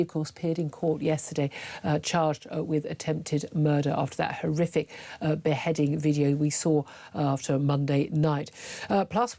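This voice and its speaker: A woman's voice: lowish voice, darkish tone. A middle-aged woman hosting a talk radio show, forthright and emphatic, with frequent fillers. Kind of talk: opinionated talk radio monologue.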